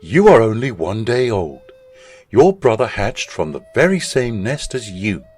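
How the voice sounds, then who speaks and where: A man's voice: on the low side, big pitch swings, takes it slowly, breathy edge, soft background music, voice pushed up, exaggerated voice. A man voicing a caring but stern mother duck in a storybook reading. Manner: stern, scolding.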